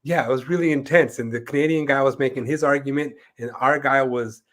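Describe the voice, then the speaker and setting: A man with a voice of ordinary pitch tells a long story as co-host of an interview show. He talks in a loose, rambling way, full of fillers, and acts out the voices of the people he quotes. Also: fairly even intonation, brisk, fairly bright tone. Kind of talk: casual storytelling in conversation.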